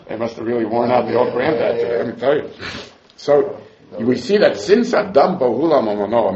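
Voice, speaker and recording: A man's voice: mid-range voice, a little mellow. A man teaching a Talmud class, arguing both sides of the question in quoted voices. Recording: echoey room, dull lo-fi sound.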